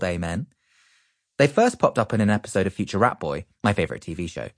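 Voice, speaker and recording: A man giving an expressive, playful reading of a children's book. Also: sits low, quick pace, no room sound, clean studio sound. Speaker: audiobook reader. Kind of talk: animated children's book narration.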